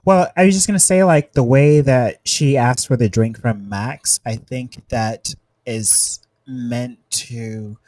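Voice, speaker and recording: A man's voice: medium pitch, slow, hardly any pauses, darkish tone, dry recording. A man co-hosting a casual discussion, talking in a chatty way with frequent "like" asides.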